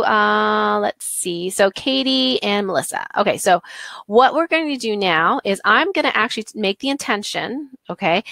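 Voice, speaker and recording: A woman teaching a live online workshop in a gentle, conversational way, thinking aloud with many fillers, on a computer mic from a home office. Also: on the low side, no echo, clean studio sound. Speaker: holistic health teacher.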